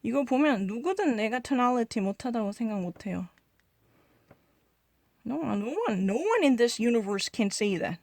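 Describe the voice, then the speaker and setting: A young woman with Korean as her first language rattles off boastful, defensive claims at a breakneck pace. Her voice sits a little high with a gravelly edge. It sounds close and dry, with no room around it. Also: lively intonation, very fast, dry recording. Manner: boastful and defensive, insisting loudly; switches between two languages mid-thought. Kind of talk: casual gaming vlog chat.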